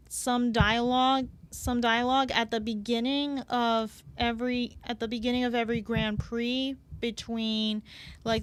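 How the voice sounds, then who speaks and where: Woman, podcast guest, halting speech, clear smooth voice, casual chat. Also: a little high. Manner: halting, many repeated words and fillers.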